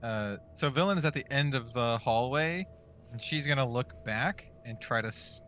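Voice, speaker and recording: A man's voice: mid-range voice, normal speed, fairly bright tone, a little hiss or hum. A man playing a tabletop game, talking through his character's moves casually. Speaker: player.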